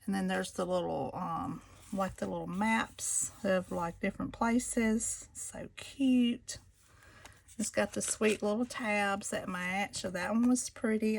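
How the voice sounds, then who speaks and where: Chatty woman for a crafting vlog, gushing, with a gravelly fry in the voice. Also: mid-range voice, slow, a little hiss or hum. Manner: gushing, chatty, addresses viewers as y'all. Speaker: craft seller showing planners. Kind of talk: casual show-and-tell vlog.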